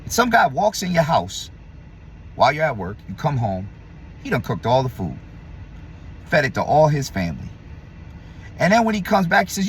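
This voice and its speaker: A man delivering a heated, blunt opinion rant to camera, profane and combative, swinging between loud emphasis and low muttering. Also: wildly swooping pitch, moderate pace, long pauses, slight background noise. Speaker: vlogger.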